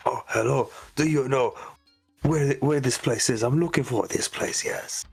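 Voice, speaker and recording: A man's voice: medium pitch, unhurried, creaky, breathy edge, soft background music, voice pushed up. A man voicing his disguised adventurer with a put-on Middle Eastern accent, asking directions politely.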